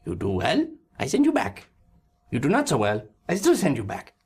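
A game master voicing a self-important, eccentric male taskmaster who speaks slowly and theatrically in a table game. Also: mid-range voice, wildly swooping pitch, darkish tone, husky, pitched below the performer's own voice, heavily acted. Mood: scheming. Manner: slow, drawn-out, self-important.

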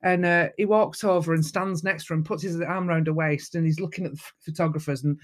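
A woman with a Mancunian accent, a photographer telling lively stories as a guest in a casual interview. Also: low-pitched, quick pace. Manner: lively, animated storyteller. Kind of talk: storytelling in casual chat.

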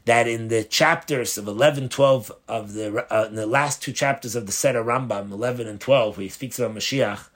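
A rabbi giving a spoken Torah lesson, explaining step by step, posing questions and answering them, often restarting and rephrasing mid-sentence. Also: male voice, medium pitch, a little fast, hardly any pauses, a bit bright. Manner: explanatory, asks and answers his own questions. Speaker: rabbi teaching a Torah class.

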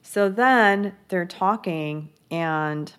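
A young woman with a notably low voice recaps a TV episode. She talks casually and chattily, full of "like" fillers and gossipy asides. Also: very slow, fairly bright tone, clear, resonant tone. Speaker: TV recap host.

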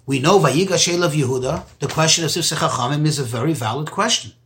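A man teaching a text study lesson in a deliberate, explanatory way, repeating key phrases for emphasis. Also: on the high side, fairly bright tone. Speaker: Torah teacher.

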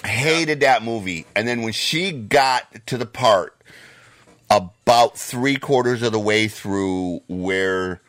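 A man co-hosting a podcast, ranting in a heated, profane way and breaking into loud shouts. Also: on the low side, slow, no room sound. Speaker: podcast co-host.

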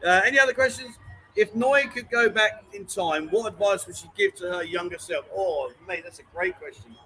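A man's voice: high-pitched, normal speed, sharp tone, a little hiss or hum, poor audio. Chatty man hosting a bar live stream. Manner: chatty, jokey, calls people mate and darling. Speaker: host. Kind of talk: casual live-stream chat.

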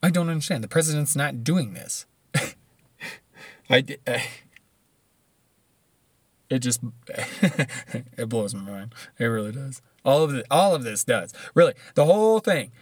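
A man's voice: medium pitch, lively intonation, slow, long pauses, no room sound. A man giving blunt, profane, rambling commentary, often restarting his sentences.

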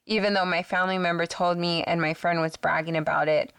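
A woman's voice: fairly low pitch, fairly even intonation, a little fast, a bit bright, clear, resonant tone, dry recording. A woman from San Antonio, Texas, co-hosting a podcast and telling a spooky story in a rambling way, with lots of fillers and swearing. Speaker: podcast co-host. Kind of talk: casual chat, ghost story telling.

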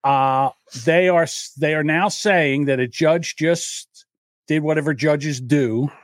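A man's voice: a little high, takes it slowly, no echo, studio quality. A man hosting a casual after-show podcast, rambling a little tipsy and reading viewer comments aloud. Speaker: podcast host. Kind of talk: casual drunken chat.

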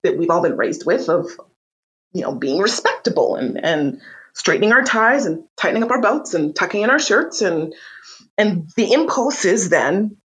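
A woman being interviewed in a casual conversation, telling stories with lively energy and frequent restarts. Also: fairly low pitch, moderate pace, low-quality recording. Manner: animated storyteller, frequent restarts. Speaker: interview guest.

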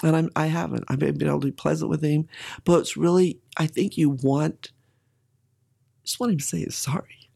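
A woman's voice: low-pitched, fairly even intonation, normal speed, vocal fry, mellow, slightly rough. A middle-aged woman candidly telling a personal story in an interview, with emotion and occasional laughter.

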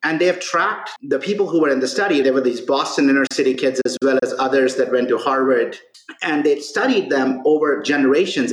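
A man speaking as a podcast guest and author, telling stories in an earnest, animated conversational way. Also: mid-range voice. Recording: roomy echo.

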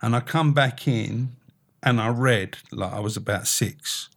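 A man hosting a podcast, telling lively anecdotes in a broad, casual way. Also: mid-range voice, measured pace, vocal fry. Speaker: podcast host. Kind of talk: casual chat.

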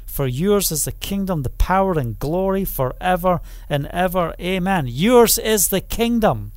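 Fervent high-voiced male preacher. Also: expressive, a little slow, few pauses, no echo. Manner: fervent, repeats phrases, calls out hallelujah and amen; swings between loud proclaiming and low quiet stretches. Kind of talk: sermon.

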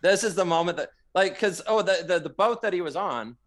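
A middle-aged man from Canada, a guest in an interview, telling stories animatedly and bursting into loud quoted lines. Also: high-pitched, a little fast. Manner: animated storyteller who shouts out quoted lines. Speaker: guest, marathon runner. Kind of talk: storytelling in a podcast interview.

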